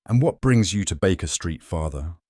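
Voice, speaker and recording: A man reads as a sharp, coolly observant detective with a deep, low voice. He speaks in a crisp, measured, faintly wry way. The sound is dry and close. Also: animated, no echo.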